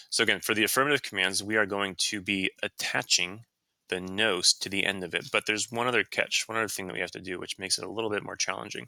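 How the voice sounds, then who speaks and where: A man teaching a Spanish grammar lesson, explaining casually with fillers and quick self-corrections. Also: low voice, creaky, bright, forceful tone, no echo. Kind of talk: screen-recorded grammar lesson.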